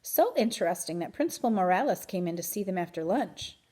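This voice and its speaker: A woman reading a children's book aloud in an expressive, animated way. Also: fairly low pitch, brisk, husky. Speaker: reader. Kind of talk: storybook read-aloud.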